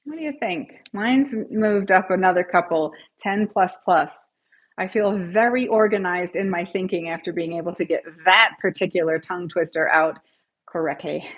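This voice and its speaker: This woman speaks with a fairly low voice over dull audio. She's a tapping coach hosting a livestream, encouraging viewers, announcing their scores, and having listeners repeat affirmations after her.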